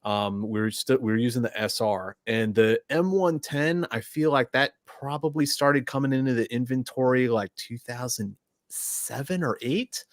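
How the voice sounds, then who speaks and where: A man's voice: medium pitch, normal speed, no room sound, studio quality. An American man, a podcast guest, chatting casually and repeating words as he talks. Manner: relaxed, stammers and repeats words. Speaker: podcast guest, veteran and journalist. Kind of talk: casual chat.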